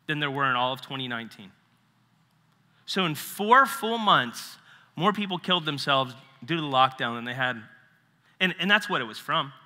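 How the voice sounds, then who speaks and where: A man's voice: on the high side, long reverb tail. A man preaching a casual, conversational sermon as a pastor, acting out quotes and asides. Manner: conversational, animated, acts out quotes. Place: church sanctuary.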